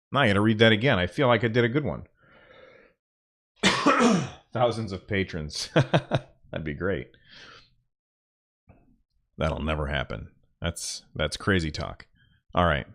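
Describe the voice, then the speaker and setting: Man, podcast host, lowish voice, casual ad reads, offhand, self-correcting. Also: expressive, takes it slowly, long pauses, fairly bright tone. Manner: offhand, restarts and mutters at tech trouble. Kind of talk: casual sponsor reads while recording.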